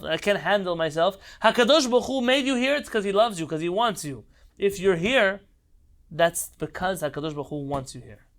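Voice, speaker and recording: A man's voice: fairly high pitch, gravelly. A man teaching an online Torah class, speaking with passion and repeating phrases for emphasis over a video call. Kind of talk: heartfelt online Torah lesson.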